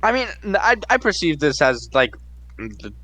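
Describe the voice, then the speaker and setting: A man's voice: a little high, very animated, normal speed, a crowd in the background. A man co-hosting a casual movie review. He is sarcastic and blunt, swearing often as he mocks the film. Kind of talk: casual late-night review chat.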